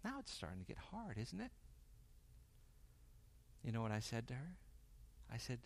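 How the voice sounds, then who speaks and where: A man preaching a sermon, swinging from loud emphasis to quiet intensity and acting out the dialogue he quotes. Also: mid-range voice, wildly swooping pitch, normal speed, vocal fry, pauses often. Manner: acts out quoted dialogue in varied voices. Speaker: pastor.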